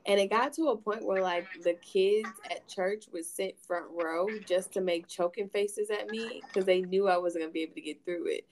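A woman's voice: mid-range voice, moderate pace, hardly any pauses, slight background noise. A woman hosting a podcast, telling candid stories in casual chat and swearing freely. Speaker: podcast host.

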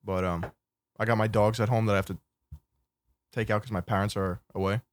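A man's voice: fairly low pitch, steady tone, a little fast, a little hiss or hum. A young man co-hosting a casual podcast, talking in a laid-back, self-deprecating way at a studio desk. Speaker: podcast co-host.

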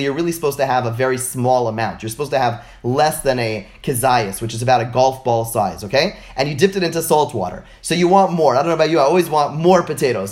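A man teaching religious texts in an informal lecture over a video call, animated and full of rhetorical questions. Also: a little high. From United States.

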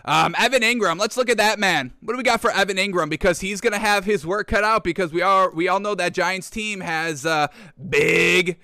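A man's voice: sits high, a little fast, sharp tone, dry recording, clean studio sound. A man hosting a sports talk show. He rants with hyped energy and keeps addressing his audience as folks. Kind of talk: excitable sports commentary. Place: studio with a backdrop.

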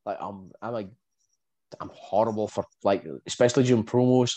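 Laid-back man, low voice. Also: steady tone, moderate pace, dark tone. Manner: laid-back, laughs often. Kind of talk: casual chat.

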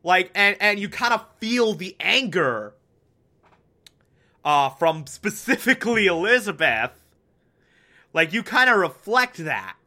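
Male reviewer, high bright voice, unhurried, animated and profane episode recap. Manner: animated, swears, many fillers, acts out quotes. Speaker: TV show reviewer. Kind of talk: casual recap commentary.

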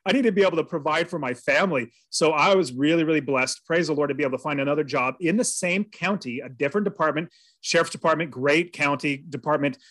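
Brief: male podcast guest, earnest storyteller, slightly high voice, dry close sound. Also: fast talker, fairly bright tone, no room sound. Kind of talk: personal storytelling in an interview.

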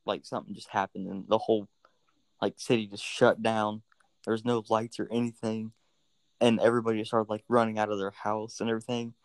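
A man's voice: lowish voice, little pitch movement, a little fast, no room sound. A man chatting casually as a podcast guest, telling stories loosely with lots of fillers. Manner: loose, filler-heavy storytelling. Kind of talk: casual chat.

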